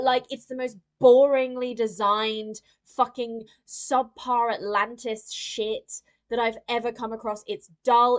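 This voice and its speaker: A woman co-hosting a film podcast, ranting and swearing as she mimics characters in casual chat. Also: fairly high pitch. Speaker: podcast co-host.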